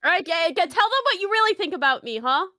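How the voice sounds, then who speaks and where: A woman's voice: very high voice, sing-song, fast talker, bright, forceful tone, no echo, clean studio sound. A woman co-hosting a live stream, teasing her partner with sassy comebacks. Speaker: stream co-host. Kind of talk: casual live stream chat.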